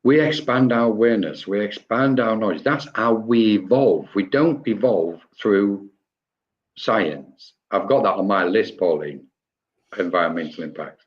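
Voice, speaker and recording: A man's voice: fairly low pitch, unhurried, lo-fi sound. A man co-hosting a live online spiritual discussion over a video call, talking in a rambling, reflective way with frequent restarts. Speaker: co-host of a spiritual talk.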